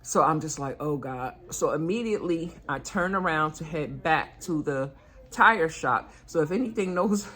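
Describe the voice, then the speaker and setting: A woman's voice: sits low, fairly bright tone. Earnest older woman telling a story. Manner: chatty, earnest, retelling with quoted dialogue. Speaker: vlogger. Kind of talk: casual storytelling vlog.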